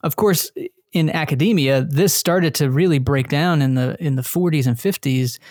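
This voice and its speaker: A man's voice: fairly high pitch, normal speed, darkish tone, no echo, studio quality. A man from Texas, a guest author, explaining his ideas in a thoughtful podcast interview. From Texas, USA.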